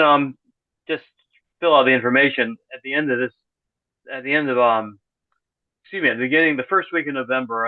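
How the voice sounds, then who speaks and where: A man's voice: mid-range voice, no echo. Man on a tinny, dry call line. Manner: rambling, self-correcting, dry sarcastic humor. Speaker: podcast guest. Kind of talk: casual conversational interview. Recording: tinny phone-like call audio.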